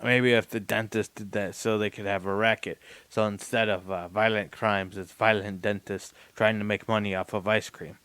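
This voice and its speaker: A man co-hosting a podcast who talks quietly, with low energy, and mostly agrees and asks short questions, speaking close to a studio mic with a pop screen. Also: steady tone, normal speed, hardly any pauses, clear, resonant tone, dry recording. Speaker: podcast co-host. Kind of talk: casual podcast chat.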